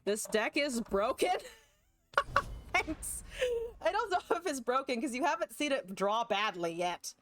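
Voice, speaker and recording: A woman's voice: on the high side, sing-song, a little slow, fairly bright tone. A woman streamer chatting casually and joking at her own expense while she plays a card game, swearing now and then. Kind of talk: casual gameplay commentary.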